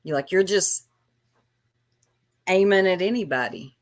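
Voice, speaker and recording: A woman's voice: lowish voice, expressive, unhurried. A woman vlogger ranting on a livestream in a taunting, sarcastic way. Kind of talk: livestream rant.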